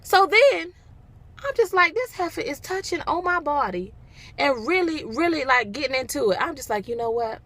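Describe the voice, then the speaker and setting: A woman's voice: high-pitched, animated, normal speed, a bit bright. A young woman vlogging casually to a handheld phone camera, telling a story with dramatic, emphatic repetition.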